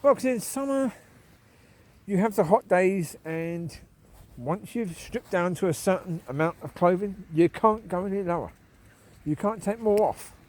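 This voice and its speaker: A man's voice: high voice, animated, a little slow, darkish tone. A man chatting casually while walking outdoors at night, opinionated and repeating his points, often chuckling. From United Kingdom. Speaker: vlogger. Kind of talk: casual walk-and-talk chat.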